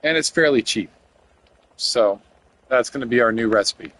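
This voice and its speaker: A man's voice: mid-range voice, normal speed, a bit bright, slight background noise. Rambling, jokey young male game streamer. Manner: rambling, jokey, talks to chat. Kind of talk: casual live-stream chat while playing.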